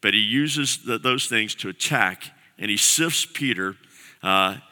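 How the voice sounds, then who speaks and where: A man's voice: on the low side, measured pace, sharp tone. A man preaching a sermon as pastor, earnest and repeating key phrases for emphasis. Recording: long reverb of a large hall.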